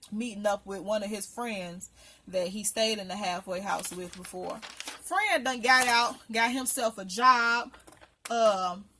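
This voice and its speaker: A woman's voice: on the high side, a bit bright, slight background noise. A woman recapping a reality TV episode in casual commentary, blunt, profane and indignant. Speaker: reality TV reviewer.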